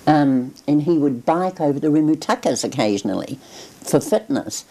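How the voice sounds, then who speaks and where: An older woman speaks in a very low, mellow voice. She talks reflectively in an oral history interview, often pausing and restarting her sentences as memories come back. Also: lively intonation, low-quality recording. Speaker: interviewee recalling her grandfather.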